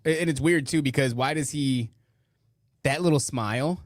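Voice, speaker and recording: Sarcastic podcast host, dry close sound. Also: male voice, medium pitch, moderate pace, no echo. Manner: sarcastic, mocking, rambling asides. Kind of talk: casual commentary over clips.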